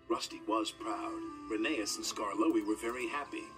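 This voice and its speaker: A man giving a gentle, expressive scripted narration of a children's story. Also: fairly low pitch, normal speed, few pauses, distant mic, music in the background.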